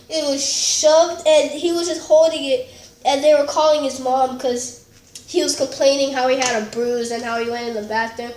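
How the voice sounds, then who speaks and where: High-pitched rambling woman, echoey room. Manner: rambling and giggly, with many fillers and restarts. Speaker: storytelling vlogger. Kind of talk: casual storytime chat.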